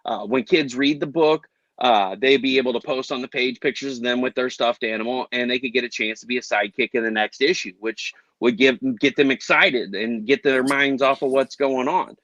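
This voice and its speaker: A man's voice: mid-range voice, brisk, fairly bright tone, dry recording, highs cut off. A man hosting a casual podcast chat, talking in a rambling, upbeat way. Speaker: podcast host.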